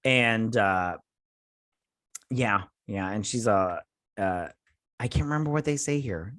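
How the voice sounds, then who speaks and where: A man hosting a casual episode recap, rambling with lots of fillers and quick paraphrased lines from characters, close on a desk mic. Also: fairly low pitch, fairly bright tone, no echo. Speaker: show host.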